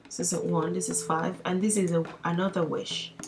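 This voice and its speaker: A woman's voice: lowish voice, level tone, normal speed. A young woman teaching a casual spoken lesson, chatty and laughing often, with playful mock pleas. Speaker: language teacher.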